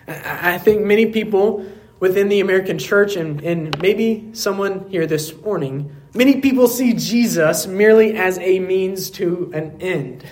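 A male pastor delivers a sermon at a church service in a high-pitched, unhurried voice. He speaks earnestly, poses rhetorical questions, and sinks into quiet emphasis.

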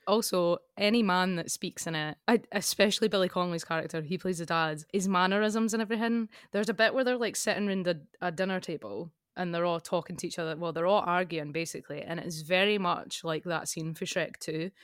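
A Scottish woman co-hosting a podcast in casual chat, talking fast with frequent laughs and asides. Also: lowish voice, clear, resonant tone, dry recording, studio quality. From Scotland. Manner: chatty, laughs often, quick asides. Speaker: podcast co-host.

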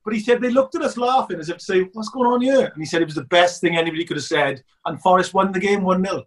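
Animated man telling stories. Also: high voice, rapid-fire, far from the mic. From Scotland. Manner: animated storyteller, laughs often. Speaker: documentary filmmaker. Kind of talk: casual chat.

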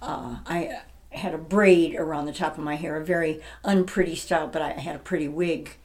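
An older woman in her seventies talks through memories of her stage career in a relaxed interview. Her voice sits on the low side. She is chatty and laughs easily between stories. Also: normal speed. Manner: chatty and warm, laughs often. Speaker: interviewee, retired stage actress. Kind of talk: casual reminiscing interview.

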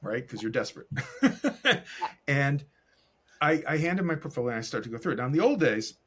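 A middle-aged man, an animator and director, telling a story as a podcast guest in an animated way and acting out the dialogue. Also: medium pitch, brisk, slightly rough. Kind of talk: casual storytelling.

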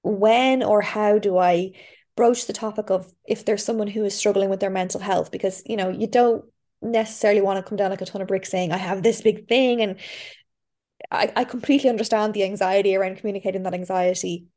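A woman hosting a podcast interview, asking her guest questions in a thoughtful, measured way. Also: mid-range voice, steady tone, dark tone. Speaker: podcast host.

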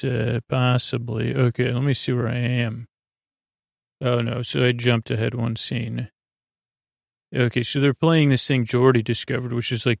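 A man's voice: mid-range voice, vocal fry, no room sound, clean studio sound. A man hosting a podcast, casually recapping a TV episode in a rambling way with lots of fillers and restarts.

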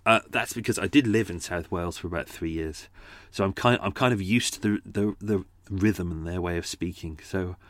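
Chatty male host, low voice, dry close sound, rambling and self-mocking asides. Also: normal speed, fairly bright tone, no room sound. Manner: chatty, self-deprecating, with frequent fillers and restarts; does character accents for his stories. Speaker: podcast host and storyteller. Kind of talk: casual rambling chat to listeners.

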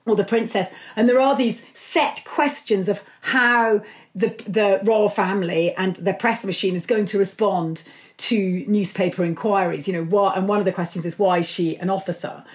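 A middle-aged woman talks as an interview guest, warm with enthusiasm and animated as she tells her stories. She speaks at an ordinary pitch. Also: moderate pace. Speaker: author and guest. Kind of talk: conversational interview.

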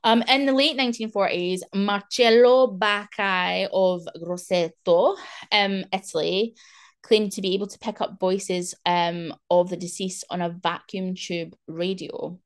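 A woman's voice: mid-range voice, fairly even intonation, unhurried, clear, resonant tone. A young woman hosting a podcast, chatting in a rambling way full of fillers. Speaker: podcast host. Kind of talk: casual chat.

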